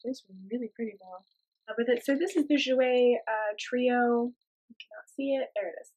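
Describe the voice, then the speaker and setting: Gushing higher-voiced woman beauty vlogger. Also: steady tone, moderate pace, a little mellow. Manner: chatty, gushing exclamations. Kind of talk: casual makeup tutorial narration.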